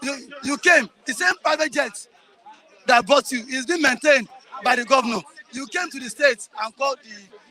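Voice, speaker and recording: A Nigerian man arguing politics forcefully, talking over others and repeating himself. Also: extremely high pitch, moderate pace, some chatter behind. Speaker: interviewee. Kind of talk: heated political argument.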